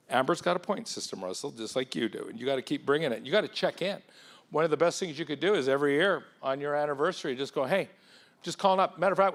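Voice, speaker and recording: A man in his fifties gives a lively motivational keynote at a conference. His voice sits a little high for a man. He tells stories with punch and speaks directly to people in the crowd. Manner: punchy, animated, addresses audience members directly. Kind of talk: motivational business keynote with storytelling. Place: conference hall.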